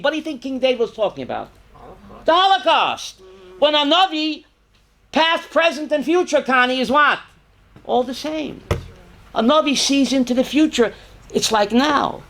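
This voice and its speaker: Animated high-voiced man teaching scripture. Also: measured pace. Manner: animated, reads Hebrew verses aloud and translates, questions the audience. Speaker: rabbi. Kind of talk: Torah class lecture.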